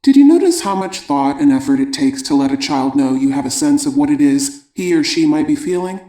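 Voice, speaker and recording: Guy calmly reading an audiobook, a bit high, mellow tone, echoey room. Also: a little fast. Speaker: audiobook narrator. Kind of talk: scripted audiobook narration.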